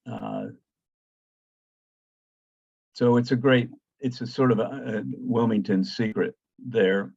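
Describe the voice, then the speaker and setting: An older male archaeologist giving a slide presentation, halting and restarting often, with many fillers, calling for the next slide. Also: medium pitch, darkish tone, no room sound, dull audio. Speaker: guest lecturer, archaeologist.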